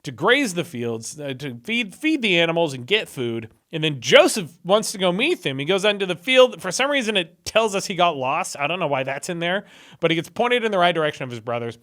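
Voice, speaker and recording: A young man hosting his own channel retells Bible stories in casual, irreverent commentary, dropping sarcastic asides along the way. His slightly raised voice is a bit high and bright, sing-song in its rise and fall, and a little quick.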